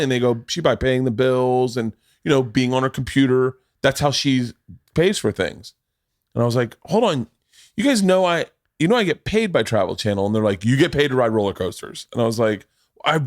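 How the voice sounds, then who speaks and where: A man in his forties holds forth as a podcast host, his voice at an ordinary middle pitch. He tells stories with lively energy and swears freely. The sound is dry and close, with no room around it. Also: dry recording. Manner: animated storyteller, swears freely. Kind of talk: casual chat. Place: podcast studio.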